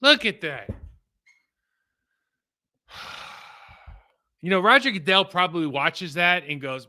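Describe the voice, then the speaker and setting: A man's voice: fairly high pitch, slow, long pauses, bright, forceful tone. A man casually breaking down football game film, talking in a rambling, conversational way that trails off and restarts.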